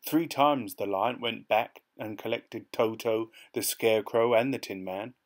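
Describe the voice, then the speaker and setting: A man reading a children's story aloud with expressive storytelling. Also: lowish voice, unhurried. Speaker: storybook reader.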